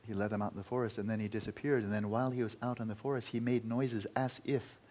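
A man's voice: on the low side, fairly even intonation, fast, darkish tone, low-quality recording. A man, a meditation teacher, telling a story vividly and dramatically during a spiritual talk.

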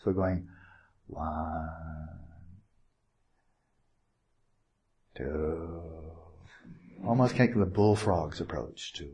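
A man giving a dharma talk as a meditation teacher on a retreat, gentle and playful, with unhurried pauses and small asides. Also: sits low, expressive, slight background noise.

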